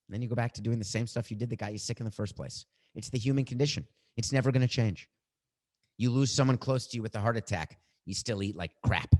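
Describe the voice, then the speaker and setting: A man's voice: medium pitch, a little mellow. A middle-aged man hosting a podcast, musing aloud in a reflective monologue. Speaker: podcast host.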